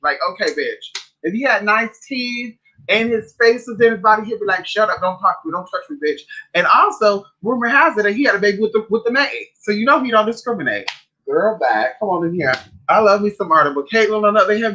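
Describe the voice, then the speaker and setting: A woman's voice: mid-range voice, animated, brisk, bright, forceful tone, a little hiss or hum, poor audio. A woman hosting a casual livestream, ranting in a sassy, profane, rambling way while eating. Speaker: livestream host.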